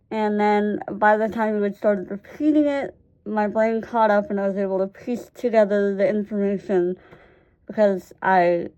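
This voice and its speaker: A woman's voice: medium pitch, mellow, lo-fi sound. A young woman telling funny personal stories to camera in a casual vlog, laughing often and swearing freely. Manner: swears casually, many fillers. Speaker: vlogger. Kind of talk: casual storytime chat.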